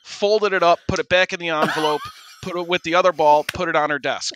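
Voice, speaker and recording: A man's voice: a little high, fairly quick, a little hiss or hum. A man co-hosting a podcast, telling a story casually and animatedly, acting out the people he quotes. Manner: animated, acts out quoted voices. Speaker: podcast co-host.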